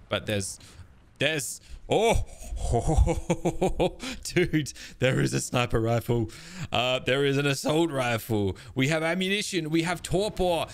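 A young man giving casual running commentary on a survival game, reacting excitedly with sudden exclamations. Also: medium pitch. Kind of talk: casual let's-play commentary.

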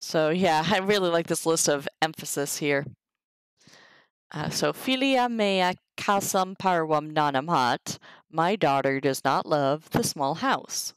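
A woman reading through a Latin textbook on a live stream, sounding out the Latin slowly and chatting casually to viewers between sentences. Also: low voice, smooth, dry recording, rough recording. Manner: reads Latin aloud slowly, chatty asides. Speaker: streamer teaching herself Latin.

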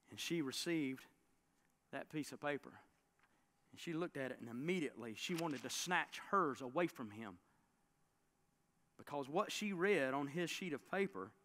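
A man preaching a sermon as a pastor, telling a story with dramatic swings between loud bursts and hushed lines. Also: mid-range voice. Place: church sanctuary.

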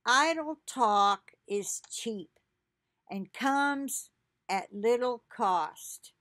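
Slow, earnest woman reading devotions. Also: on the high side, animated, a bit bright, no room sound, clean studio sound. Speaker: devotional video host. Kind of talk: reading prophetic messages with chatty commentary. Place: at home.

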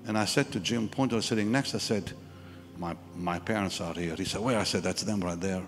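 At a live church service, a man preaches a sermon, telling a personal story and acting out the voices of its characters. His voice is low and a little fast, and the hall carries reverb and music.

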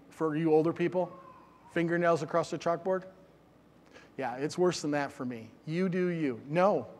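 In a large church sanctuary, a middle-aged man with a slightly high voice preaches a sermon. He is earnest and emphatic, repeating phrases for stress.

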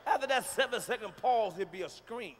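A man doing a loud, profane, animated stand-up comedy routine on a live stage. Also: high-pitched, fairly quick, a little hiss or hum.

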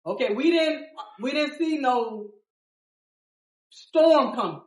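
A woman biker telling the story of her ride in a group interview, dramatic and acting out quotes, swinging from loud to hushed. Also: sits high, slow pace, pauses often, echoey room, far from the mic, poor audio.

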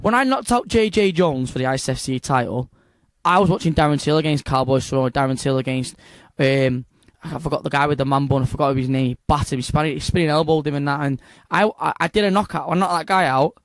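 A young man with a Manchester accent, chatting excitedly as an interview guest, rambling and restarting his sentences. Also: a little high, quick pace, dry recording, clean studio sound. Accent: Northern English, Manchester. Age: young adult. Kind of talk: casual interview chat.

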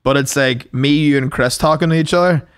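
Northern Irish comedian co-host, relaxed chatty delivery, voice sits a bit high. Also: male voice, fairly quick, smooth. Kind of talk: casual chat.

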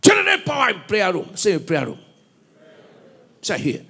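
A man with a Nigerian accent preaching a sermon in a church, with call-and-response questions, shouted bursts and laughing asides. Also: high-pitched, wildly swooping pitch, moderate pace, creaky, husky. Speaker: pastor.

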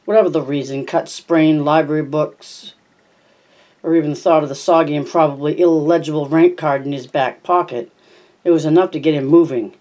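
A homemade audiobook narration at a middle pitch with a warm, dark tone. The reader trips over words now and then and backs up to fix them. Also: steady tone, moderate pace. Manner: frequent stumbles and self-corrections. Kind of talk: reading a novel aloud.

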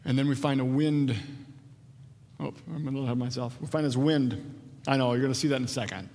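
Man, pastor, conversational sermon, lively quoted lines, echoing sanctuary. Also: medium pitch, fast talker. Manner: conversational, animated when quoting. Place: church sanctuary. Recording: long church reverb.

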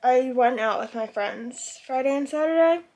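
A woman's voice: sits high, moderate pace, a little mellow. A young woman vlogging casually at home, talking to a handheld camera in a rambling, self-deprecating, anxious way. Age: young adult. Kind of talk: casual vlog chat. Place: home, indoors.

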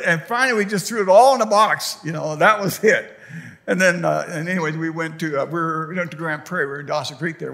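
A man preaching in a church hall, his bright, forceful voice trailing a long reverb. He tells things in a folksy, rambling way, full of fillers and restarts. He is an older man and speaks a little higher than most men. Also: gravelly. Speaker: pastor. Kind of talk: sermon. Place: church sanctuary.

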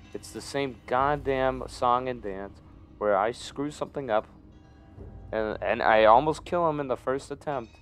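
Guy muttering over a game, frustrated and sleepy, beating himself up, mid pitch. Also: a bit bright, smooth. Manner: self-deprecating, frustrated muttering. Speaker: gamer. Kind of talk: gameplay commentary.

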